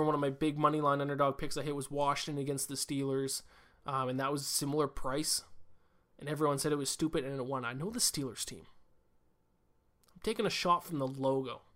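A man hosting a casual solo podcast who talks quickly and rambles, with plenty of fillers and restarts. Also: on the high side, a bit bright. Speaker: podcast host.

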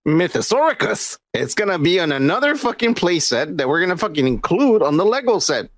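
A man's voice: high voice, very animated, brisk, a bit bright, no room sound. A man co-hosting a podcast, bantering crudely and laughing often. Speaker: podcast co-host. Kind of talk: casual chat.

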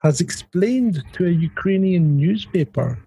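A man co-hosts a casual news stream in a husky, mellow voice that sits a little high. He is laid-back and wry, and he reads quotes out word for word. The sound is dry and close. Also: lively intonation, a little slow. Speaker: co-host of a news talk stream.

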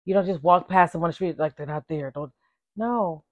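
A woman in her forties talks to her viewers in a lively, chatty way, calling them "baby" and "y'all." Her voice sits a little low and is going slightly hoarse. The recording is dull, lo-fi and dry. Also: a little fast, no room sound. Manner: animated, chatty, calls listeners "baby" and "y'all". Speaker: vlogger. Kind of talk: casual chat to viewers.

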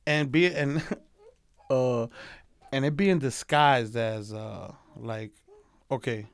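A man speaks at a middle pitch in loose, rambling sentences that restart often, with joking asides mixed in. His voice is dry and close to the mic. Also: slow, gravelly, no room sound. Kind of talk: casual group chat.

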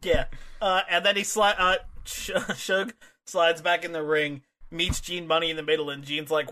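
A man with a high, bright voice talks loosely in a casual chat. He stumbles over restarts and slips into acted-out quotes between laughs. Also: fairly even intonation, normal speed. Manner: rambling, restarts, acts out quotes in a higher voice. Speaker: podcast co-host.

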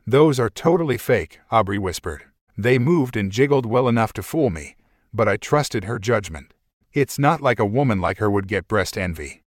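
Lowish man narrating a first-person story. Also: dry recording, studio quality. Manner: wry, conversational storytelling.

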